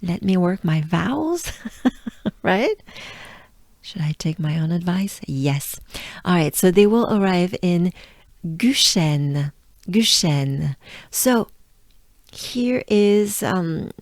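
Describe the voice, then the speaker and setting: A French-accented woman from France giving a pronunciation lesson, drawing out and repeating sounds slowly. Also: fairly low pitch, creaky, darkish tone, no echo, studio quality. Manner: slow, drawn-out repetition of sounds. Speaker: pronunciation coach.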